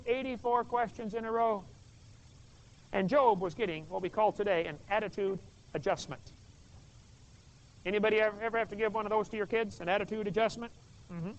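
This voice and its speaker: High-voiced guy cracking jokes in a bible talk, dull lo-fi tape. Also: brisk, long pauses. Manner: folksy, jokey, asks the audience questions. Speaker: creation seminar speaker. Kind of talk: joking Bible lecture to a live audience. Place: stage with a display table. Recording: dull lo-fi video recording.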